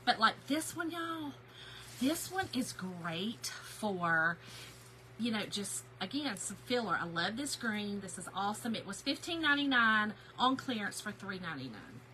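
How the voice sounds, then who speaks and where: A woman hosting a casual craft haul livestream, chatty and excitable, greeting viewers by name. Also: mid-range voice, unhurried, a little hiss or hum, poor audio. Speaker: craft channel host.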